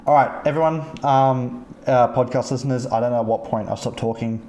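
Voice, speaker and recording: A man hosting a gaming podcast, telling stories in a casual, profane and animated way. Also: medium pitch, fairly quick, echoey room, a loud crowd. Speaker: podcast host. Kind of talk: casual chat, storytelling about gaming. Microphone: streaming mic.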